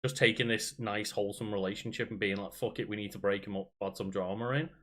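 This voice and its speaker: A man's voice: on the low side, fairly even intonation, fast talker, fairly bright tone. A man co-hosting a casual podcast chat, laid-back and agreeable. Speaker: podcast co-host.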